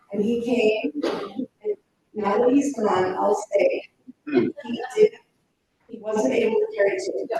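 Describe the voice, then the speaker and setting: A woman with a fairly high voice gives an earnest funeral eulogy, reminiscing and pausing with fillers. She stands back from a pulpit microphone in a church chapel. The sound is heavily echoey, with faint room ambience behind her. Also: sing-song, distant mic, background noise. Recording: very echoey chapel, speaker off-mic.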